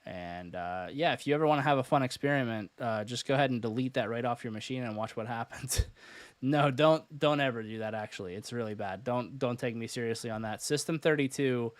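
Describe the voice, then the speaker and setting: A man hosting a live-stream tutorial, talking casually with lots of "uh" fillers and quick self-corrections. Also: mid-range voice, no echo. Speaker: host and cybersecurity instructor.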